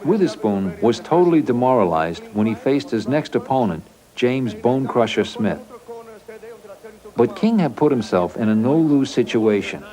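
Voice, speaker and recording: A man narrating a documentary in a steady, factual, scripted delivery. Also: medium pitch, normal speed.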